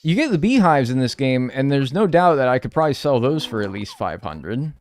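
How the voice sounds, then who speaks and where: Brief: male streamer, animated, swears freely, banters with chat, lively pitch, faint game music behind. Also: brisk. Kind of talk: live gameplay commentary.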